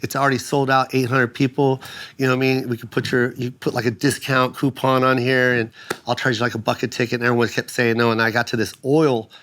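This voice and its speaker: A middle-aged man tells a story on a casual podcast, full of energy. When he acts out other people's lines, his voice jumps up high and gets loud. His own voice sits at an ordinary pitch. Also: flat delivery, fast. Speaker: guest comedian.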